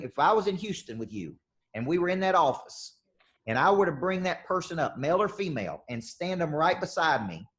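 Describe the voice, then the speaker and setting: A man running a live sales coaching session, talking in an energetic, punchy way and repeating questions for emphasis. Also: fairly high pitch. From southern United States.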